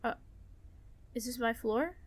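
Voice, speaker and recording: A woman's voice: on the high side, unhurried. A young woman streaming a horror game, chatting nervously with her viewers and reacting with jumpy alarm. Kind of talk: gaming commentary.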